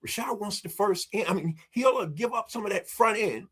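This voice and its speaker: A man's voice: sits high, lively intonation, normal speed, fairly bright tone, husky. A man speaking as a marketing strategist guest in a podcast interview, telling stories emphatically, acting out bits of dialogue and speaking straight to the audience. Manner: emphatic, acts out dialogue, addresses the audience directly. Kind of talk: energetic podcast interview storytelling.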